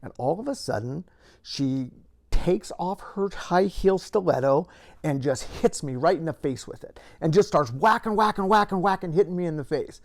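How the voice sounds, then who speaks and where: Older man with a high voice telling a story. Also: normal speed. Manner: lively storytelling that builds to acted-out moments. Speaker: retired police officer and author.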